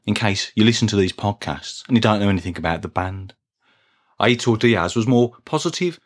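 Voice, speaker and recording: A man with a Birmingham accent hosting a podcast, talking in a dry, deadpan way in a scripted monologue. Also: on the low side. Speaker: podcast host.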